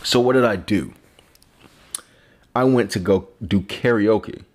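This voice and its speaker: A man's voice: lowish voice, slow pace, a little mellow. A man, a vlogger and comedian, drinking and rambling in a profane, self-mocking monologue. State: drinking alcohol.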